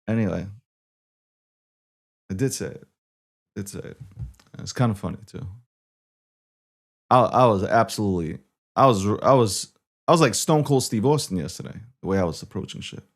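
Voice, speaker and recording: A man's voice: lowish voice, lively intonation, moderate pace, pauses often. A man with a Brooklyn New York accent hosting a live-streamed talk show in a brash, loose way, swearing freely, repeating phrases and stumbling over his restarts. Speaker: show host.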